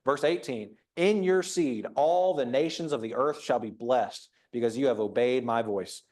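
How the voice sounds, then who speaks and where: A man stands before a church congregation and talks through a Bible passage in a thoughtful, unpolished way. He reads verses aloud, then pauses to reflect, often restarting his sentences. His voice sits in an ordinary middle pitch. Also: a little mellow. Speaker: preacher. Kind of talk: conversational sermon. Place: church auditorium.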